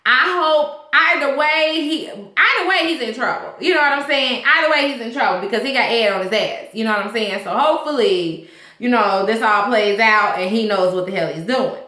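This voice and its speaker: A woman's voice: on the high side, moderate pace, sharp tone, echoey room. A woman giving a casual recap of a TV episode, chatty and slangy, often saying "you know what I'm saying". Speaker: TV show reviewer.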